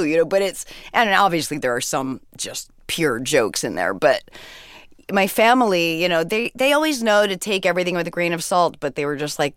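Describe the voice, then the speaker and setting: A woman's voice: lowish voice, sing-song, a little fast, fairly bright tone, dry recording, studio quality. A woman talking casually as a comedian guest in an interview, chatty and full of "like" and "you know". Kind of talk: casual conversation in a radio interview.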